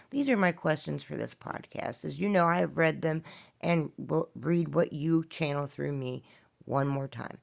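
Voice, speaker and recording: Woman podcast host, heavy vocal fry, rambling spiritual questions, unsure and searching. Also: low-pitched, measured pace. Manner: wandering, questioning, unsure of herself. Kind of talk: spiritual channeling talk.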